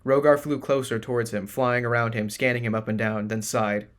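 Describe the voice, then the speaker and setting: A man reading scripted audiobook narration in a measured, even way. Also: mid-range voice.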